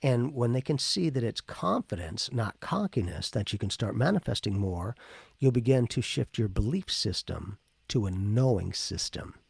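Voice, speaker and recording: A man's voice: mid-range voice, lively intonation, normal speed, gravelly, breathy edge, dry recording. A man co-hosting a spiritual podcast, talking casually and animatedly, acting out the people he quotes. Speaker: podcast co-host.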